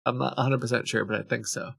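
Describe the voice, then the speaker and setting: A man's voice: mid-range voice, steady tone, fast, fairly bright tone, no room sound. A man streaming live, reading scam emails aloud with amused, chuckling, rambling asides. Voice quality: creaky.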